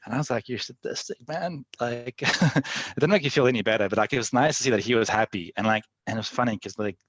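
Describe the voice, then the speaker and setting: A young man, a podcast guest, telling adventure stories in a rambling way, full of "like" and quick laughs. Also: medium pitch, fairly bright tone, dry recording. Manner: rambling, heavy use of "like", frequent laughs. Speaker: podcast guest, endurance athlete. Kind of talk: casual storytelling.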